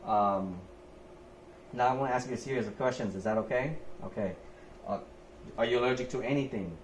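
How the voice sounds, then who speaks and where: This young man, a nurse, speaks fairly quickly at a medium pitch. In a narrated skills demonstration, he walks through a physical assessment methodically, one step at a time, in an echoey room with faint background noise.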